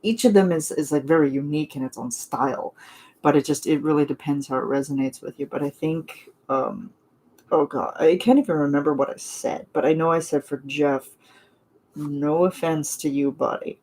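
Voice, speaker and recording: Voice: medium pitch, moderate pace, darkish tone. A non-binary young adult vlogger in a casual live chat with viewers, talking in a gushing, rambling way full of fillers and little laughs.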